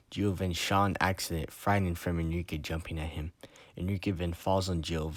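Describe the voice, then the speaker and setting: A man's voice: low voice, no echo. A man reading his own short story aloud in a plain, earnest manner with occasional stumbles.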